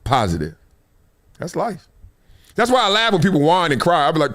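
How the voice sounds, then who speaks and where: A man's voice: sits high, very animated, brisk, long pauses, a bit bright. A man hosting a live sports talk show, telling stories in a preachy, playful way, acting out quotes and laughing often. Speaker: host.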